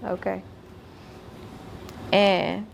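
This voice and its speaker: A woman's voice: medium pitch, level tone, very slow, vocal fry, a little hiss or hum. A woman telling a story as a guest. She speaks bluntly and emphatically, swears a lot, and repeats herself when worked up.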